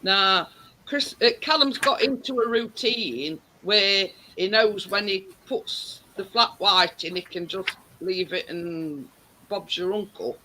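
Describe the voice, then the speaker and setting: A woman's voice: medium pitch, takes it slowly, background noise. A woman, hosting a casual chat and telling stories with frequent laughs. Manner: chatty storyteller, laughs often. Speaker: host.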